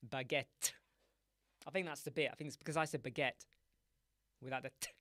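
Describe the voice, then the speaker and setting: A man's voice: a little high, fairly even intonation, rapid-fire, a bit bright, dry recording. A man hosting a live web design stream, joking and rambling playfully to his chat viewers.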